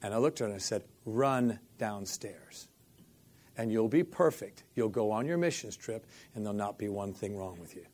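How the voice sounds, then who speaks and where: A man's voice: fairly low pitch, fast talker, few pauses. A middle-aged man, a minister, telling a story in an interview and acting out the dialogue. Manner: animated storyteller, acts out quoted dialogue, repeats "I said".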